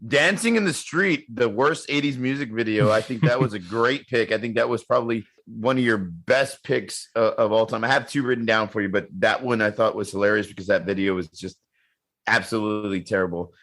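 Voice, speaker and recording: A man's voice: fairly low pitch, brisk, fairly bright tone. A man co-hosting a podcast, chatting casually with a rambling, joking manner and many repeated words. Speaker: podcast co-host. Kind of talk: casual chat.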